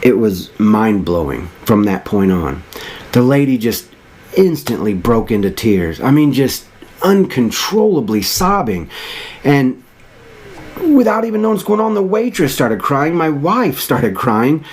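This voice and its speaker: A man's voice: mid-range voice, very animated, measured pace, a little hiss or hum. A man in his thirties telling a personal story in an earnest, reflective way, rambling and restarting as he goes. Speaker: motivational vlogger.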